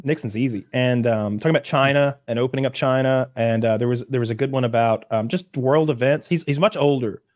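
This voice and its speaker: A man talking loosely and at length, sliding sarcastic jokes into his rambling. His voice sits at an ordinary middle pitch and is recorded close and dry, with no room sound. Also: fairly quick, hardly any pauses, darkish tone, no echo. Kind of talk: casual chat.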